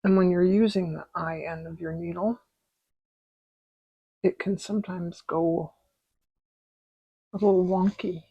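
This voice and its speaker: A middle-aged woman hosting a relaxed embroidery tutorial from her craft desk at home, with soft, unhurried, chatty asides. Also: on the low side, husky, dry recording, dull audio. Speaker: embroidery video host. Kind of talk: relaxed stitching tutorial chat.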